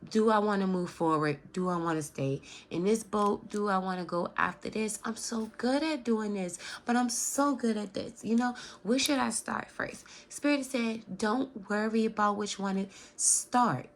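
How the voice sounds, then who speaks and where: A woman's voice: mid-range voice, moderate pace, hardly any pauses. A woman in her thirties giving a casual, affectionate tarot card reading and talking straight to viewers, with a chatty manner. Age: 30s.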